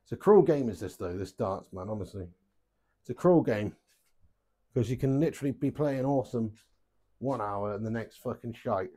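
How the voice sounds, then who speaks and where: A man's voice: mid-range voice, animated, moderate pace, mellow. A young man hosting a live darts stream, chatty and joking, swearing freely and calling viewers lad and mate. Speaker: live stream host playing webcam darts. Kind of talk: casual live-stream chat.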